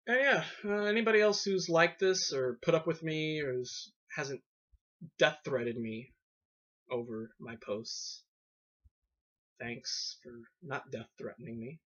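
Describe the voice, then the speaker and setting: A man's voice: on the high side, measured pace, a bit bright. A man casually reviewing books on a vlog, rambling with lots of fillers and sarcastic asides. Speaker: video book reviewer. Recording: dull lo-fi webcam audio.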